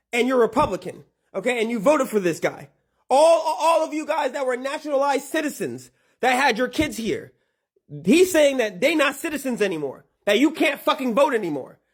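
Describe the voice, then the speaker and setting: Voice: high-pitched, slightly rough. Mocking, laughing reaction ranter. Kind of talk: casual reaction rant.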